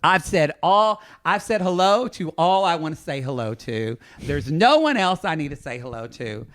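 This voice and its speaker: A man's voice: fairly high pitch, big pitch swings, moderate pace, fairly bright tone, no echo, studio quality. A man hosting a podcast, telling a story in casual chat and acting out what other people said. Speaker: podcast host.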